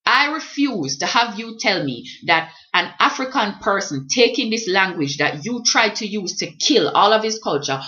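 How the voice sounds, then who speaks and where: A woman's voice: medium pitch, sharp tone, lo-fi sound. A woman from Jamaica with a Jamaican accent, talking as a vlogger in an impassioned, emphatic way. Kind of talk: reflective talk on language.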